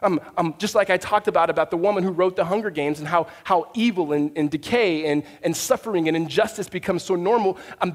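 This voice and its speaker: A man's voice: sits high, a little fast, hardly any pauses, long reverb tail. A man preaching a sermon as a pastor, talking in a conversational way with fillers and restarts. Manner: rising to an emphatic, raised voice.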